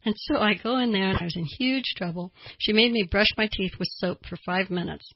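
An older woman from the American South, hosting a radio talk show as a therapist, chatty and quick to laugh. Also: medium pitch, breathy edge, no room sound, muffled recording. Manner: chatty, storytelling, laughs easily.

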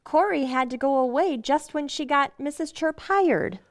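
An actress playing a gentle, patient young wife and mother who soothes everyone, in 1940s radio acting. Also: high-pitched, normal speed. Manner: gentle, soothing, calling people dear.

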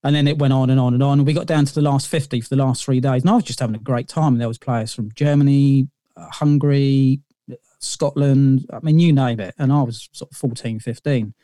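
A man's voice: medium pitch, steady tone, brisk, warm tone, no echo, studio quality. A middle-aged man, a podcast guest telling long stories in a rambling way, full of fillers and restarts. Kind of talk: casual interview storytelling.

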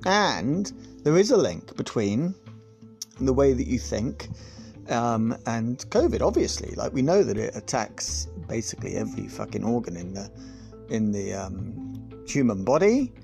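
A male podcast host talking through a comic political monologue, sarcastic and sweary, wandering into asides. His voice is gravelly and his pitch jumps around a lot. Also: very animated, unhurried, darkish tone, faint music behind.

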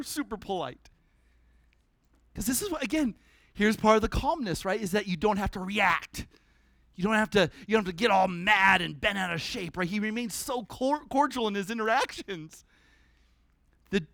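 A man preaching a sermon at a church service, animated and conversational, breaking into humorous asides. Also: high-pitched, no echo.

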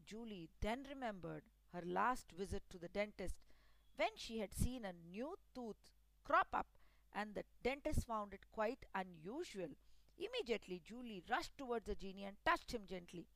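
A woman narrating a spooky first-person story in a deliberate, dramatic storytelling manner. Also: medium pitch, lively intonation, fairly bright tone, no room sound, poor audio.

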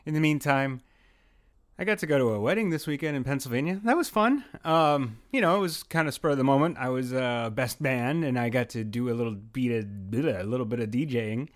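A man's voice: medium pitch, animated, brisk. A man hosting his own podcast from a home studio, talking casually in a rambling, self-mocking way. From Brooklyn, New York. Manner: rambling, self-mocking, with frequent restarts and fillers. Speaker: podcast host. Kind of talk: casual solo podcast monologue.

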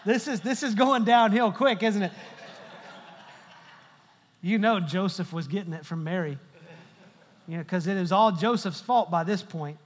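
A man's voice: high-pitched, unhurried, long pauses, a little hiss or hum. A middle-aged male pastor giving a humorous sermon, telling stories and joking with the congregation. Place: large church hall. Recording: long hall reverb.

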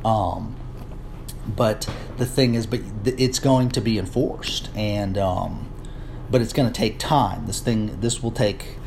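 A man's voice: on the low side, slow pace, gravelly, a little hiss or hum. Rambling, indignant American man ranting. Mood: measured. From United States. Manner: rambling with many fillers and restarts, rising to indignant shouting. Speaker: political commentator. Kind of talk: political rant vlog.

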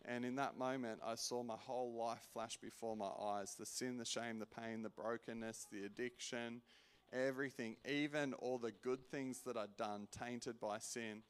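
A man preaching a personal testimony in an earnest way, restarting often and swinging from loud to hushed. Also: mid-range voice, fairly even intonation, normal speed, smooth. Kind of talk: sermon testimony.

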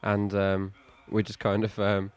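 A man's voice: lowish voice, completely flat delivery, measured pace, a little mellow, clean tone. A man hosting a casual football podcast, chatty and teasing, laughing often. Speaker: podcast host. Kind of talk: casual chat watching football.

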